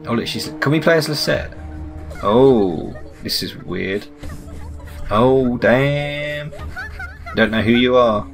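A man's voice: medium pitch, slow pace, long pauses, faint music behind. A young man doing let's play commentary on a game, asking puzzled running questions and reading the characters' lines aloud. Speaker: gaming YouTuber.

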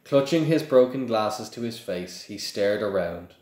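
A man's voice: on the low side, lively intonation, a little slow, darkish tone. A man reading a novel aloud in a plain, unpolished way, with occasional slips and restarts. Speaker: reader. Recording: echoey room.

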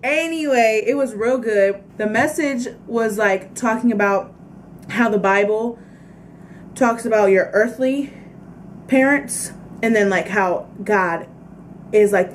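A woman's voice: a little high, expressive, takes it slowly, a little hiss or hum. Rambling young woman vlogger. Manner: rambling, says "like" often. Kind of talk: casual chat.

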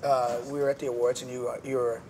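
A man's voice: medium pitch, level tone, fast talker, a little mellow. A man hosting a talk show, chatting in a teasing, playful way. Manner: teasing, playful, acts out quotes. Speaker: host. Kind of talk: casual chat. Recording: noisy background ambience.

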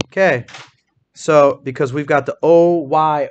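A man teaching a small-group phonics lesson in a classroom, asking questions, encouraging answers and spelling words out slowly. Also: fairly high pitch, dull audio, slight background noise.

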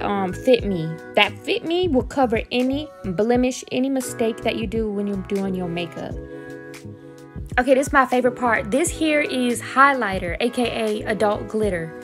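A young woman narrates a beauty tutorial in a loose, chatty voice-over. Her voice sits high, and she pokes fun at herself as she goes. Faint music plays behind her. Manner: goofy, self-mocking, chatty. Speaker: beauty vlogger.

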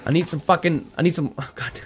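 A man playing a horror game on video, swearing a lot and reacting to every scare with sudden yelps and shouts. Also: fast talker, background noise. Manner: profane and jumpy, with sudden high yelps. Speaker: gaming video host. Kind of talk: let's-play commentary. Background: horror game music.

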